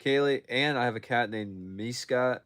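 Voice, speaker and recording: A young man with a mid-range, slightly bright voice chats at a moderate pace on a phone livestream. He fields questions from chat, frequently starting over and correcting himself.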